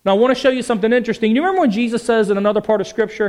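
A male preacher with a very high voice for a man, delivering a passionate sermon. He presses his points with emphatic phrasing and keeps asking his listeners questions. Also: racing, few pauses, a little mellow.

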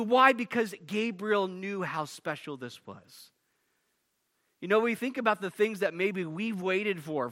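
A man's voice: sits high, pushed and bright. A male pastor preaching a sermon emphatically, often restarting and repeating words as he pushes through a point.

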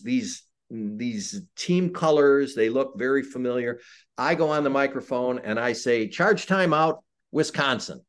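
An older man from Chicago, a retired football referee, telling funny anecdotes with self-deprecating humor in a casual interview. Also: medium pitch.

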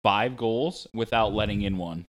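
A man's voice: fairly low pitch, measured pace. A man co-hosting a podcast, explaining a sports match step by step in laid-back casual chat. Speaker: podcast co-host.

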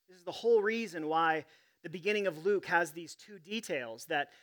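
A man's voice: high voice, bright, forceful tone. A man preaching a sermon as pastor, reading scripture and telling stories in a conversational, humorous way.

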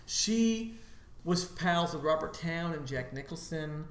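A man's voice: fairly high pitch, expressive, slow pace, a bit bright. A man co-hosting a casual film podcast, rambling through asides and fillers. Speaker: podcast co-host. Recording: roomy echo.

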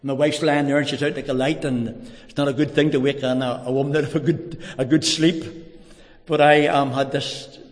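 A middle-aged man giving a personal conversion testimony, telling his story earnestly and haltingly with many restarts. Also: medium pitch, little pitch movement. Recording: long hall reverb.

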